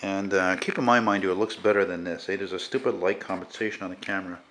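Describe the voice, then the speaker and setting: A man's voice: sits low, fast talker, a little hiss or hum. A man casually rambling and swearing as he shows his painting in a home vlog. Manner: rambling, profane, relaxed. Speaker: artist vlogger. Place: at home beside a window.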